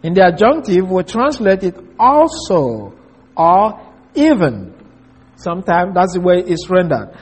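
A man with a notably high, husky voice delivers an expository Bible lesson. He speaks in a measured, deliberate way. He spells out words and repeats key phrases so listeners can follow along. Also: sing-song. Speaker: preacher.

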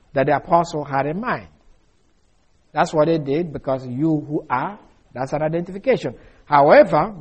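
A man giving a deliberate verse-by-verse Bible lesson, explaining carefully with frequent fillers and restarts. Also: a little high, slightly rough. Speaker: Bible teacher.

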